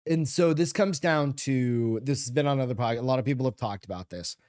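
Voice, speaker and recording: A man's voice: mid-range voice, brisk, a little mellow, no echo, studio quality. A man co-hosting a podcast, blunt and profane, cracking crude jokes in casual chat. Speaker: podcast co-host.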